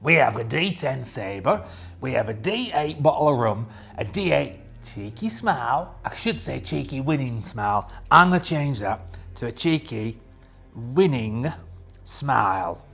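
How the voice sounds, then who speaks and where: A man's voice: mid-range voice, big pitch swings, normal speed, creaky, fairly bright tone, faint music behind. A man playing a young, boastful pirate captain who rambles as he runs a solo tabletop game and answers his own questions. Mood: jovial. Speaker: host and solo game player.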